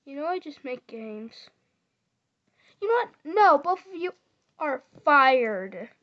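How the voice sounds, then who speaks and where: A woman voicing a bossy, sleepy Flareon with the hiccups in a fan voice skit, quick to snap at others. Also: sits high, animated, highs cut off.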